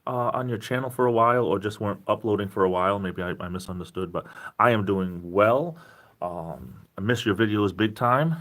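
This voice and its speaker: Low-voiced rambling man. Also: a little fast, a bit bright. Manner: rambling, self-deprecating joker. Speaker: livestream host. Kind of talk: casual chat reading viewer comments.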